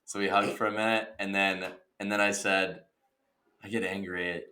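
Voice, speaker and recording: A man in his twenties co-hosting a podcast, telling stories in a casual, excitable way with laughter and exaggeration. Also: on the low side, brisk. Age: 20s. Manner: excitable, exaggerated retelling with laughter and mild cursing. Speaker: podcast co-host. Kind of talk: casual chat, animated storytelling.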